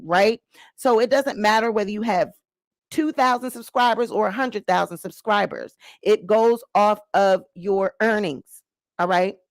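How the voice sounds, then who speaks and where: A woman's voice: medium pitch, no room sound. A woman YouTuber ranting straight to camera, sassy and confrontational, walking viewers through her points and checking in with "okay?". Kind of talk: direct-to-camera rant and explainer.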